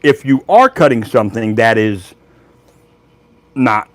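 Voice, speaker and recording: A man's voice: medium pitch, animated, unhurried, no room sound. A man hosting a woodworking channel, chatting casually to a live audience in a laid-back, rambling way. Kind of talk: casual livestream chat.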